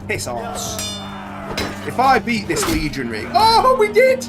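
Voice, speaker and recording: A man's voice: very high-pitched, wildly swooping pitch, a little slow, long pauses, over music. A man commentating his own game playthrough, chatty and bantering as he swears at the soldiers on screen. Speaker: gaming channel host. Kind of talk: let's play commentary.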